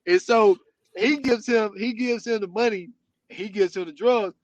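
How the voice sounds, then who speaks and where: A man hosting a podcast, retelling a story in an animated, casual way with lots of "you know what I'm saying". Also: sits high, moderate pace, no echo, highs cut off. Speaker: podcast host. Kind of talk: casual chat.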